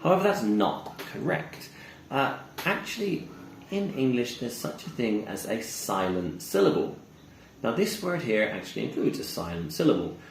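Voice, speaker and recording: A man teaching English pronunciation, slowly modeling words and repeating examples. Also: medium pitch, vocal fry, a little hiss or hum. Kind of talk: pronunciation lesson. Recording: echoey room with faint ambience.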